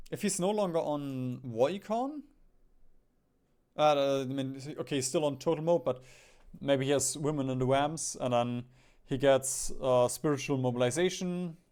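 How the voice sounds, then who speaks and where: A man's voice: a little high, a little mellow, clear, resonant tone. A young man streaming a strategy game, thinking aloud, musing and chuckling as he plays. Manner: muses aloud, often chuckles. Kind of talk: thinking-aloud gameplay commentary.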